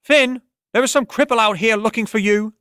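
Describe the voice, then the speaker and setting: A man voicing an impatient tavern woman with a clear, ringing voice, in an audiobook. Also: high voice, normal speed, bright, forceful tone, no echo, clean studio sound, voice pushed up. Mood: brusque.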